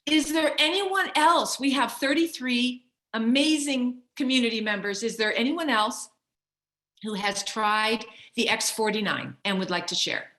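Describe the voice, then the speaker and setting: Bright, echoey woman hosting a video call. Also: fairly high pitch, unhurried. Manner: cheerful, encouraging, calls on people by name. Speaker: call host. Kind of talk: casual group video call.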